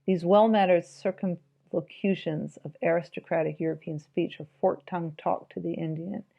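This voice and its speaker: A woman's voice: lowish voice, steady tone, moderate pace, vocal fry, dull audio. A woman giving an informal, reflective spoken commentary on a book, musing aloud and reading passages from it.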